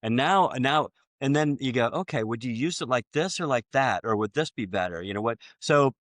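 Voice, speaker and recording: A man hosting a podcast, chatting casually and acting out both sides of sales conversations, with many halting restarts. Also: medium pitch, animated, fairly bright tone, no room sound. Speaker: podcast host.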